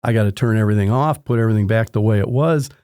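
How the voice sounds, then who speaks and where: Male home inspector guest, warm dark timbre, dry close mic, lively storyteller. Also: fairly low pitch, racing, smooth, dry recording. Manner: animated anecdotes with acted-out dialogue. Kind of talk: conversational storytelling.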